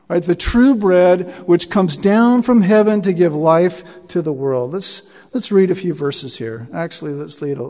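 Man, high voice, sermon, earnest scripture reading, repeats words, long hall reverb. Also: a little mellow. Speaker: preacher.

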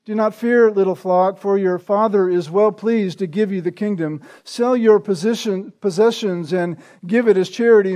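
A man preaching an expository sermon, earnest and deliberate, who often checks in with a rhetorical "right?" and repeats words for emphasis. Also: sits high, dark tone. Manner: earnest, rhetorical, frequent "right?" tag questions; slow and deliberate with emphatic repetition. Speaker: pastor.

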